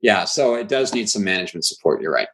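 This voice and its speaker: A man with a fairly low voice, guesting on an interview. He tells his points as lively anecdotes and speeds up in quick bursts when he gets going. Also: poor audio. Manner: animated storyteller, quick bursts. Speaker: claims training instructor, guest. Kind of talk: conversational interview.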